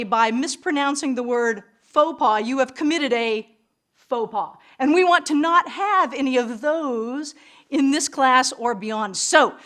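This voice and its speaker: A woman's voice: sits high, fairly bright tone. A woman teaching an English class with theatrical enthusiasm and playful asides. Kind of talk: recorded classroom lesson.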